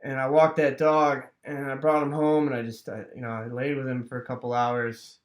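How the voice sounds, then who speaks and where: A man from Wisconsin casually telling a rambling childhood story, full of fillers and sound effects like "boom.". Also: little pitch movement, normal speed. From Wisconsin, USA.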